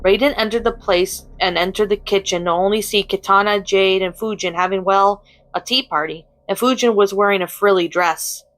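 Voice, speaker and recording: A woman's voice: mid-range voice, normal speed, rough recording. Woman reading a story aloud. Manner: plain, steady narration. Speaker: story reader.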